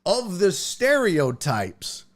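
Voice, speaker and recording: A man's voice: high-pitched, wildly swooping pitch, extremely slow. A man hosting a sports talk livestream, chatting casually in a rambling, profane way and laughing often. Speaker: sports show host.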